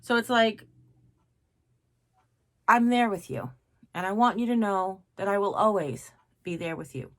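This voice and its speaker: A woman's voice: mid-range voice, a little slow, long pauses, fairly bright tone. Chatty, rambling woman craft vlogger. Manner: chatty, self-mocking, rambling. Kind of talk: casual vlog talk to viewers.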